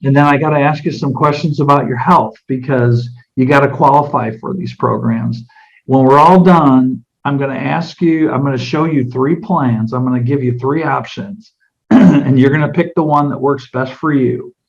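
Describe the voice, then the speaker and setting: A man's voice: medium pitch, moderate pace, lo-fi sound. A middle-aged man, an insurance agent, demonstrating a client sales meeting in a conversational way, asking many direct questions.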